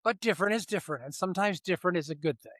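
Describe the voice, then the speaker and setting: A man co-hosting a casual podcast, talking in a reflective, musing way and giving measured opinions. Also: sits high, a bit bright, dry recording, clean studio sound. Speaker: podcast co-host. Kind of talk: casual conversational podcast chat.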